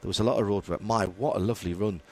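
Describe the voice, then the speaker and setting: A man's voice: lowish voice, racing. A man hosting a motorsport radio podcast in casual chat, rambling through his points with fillers and restarts. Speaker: host.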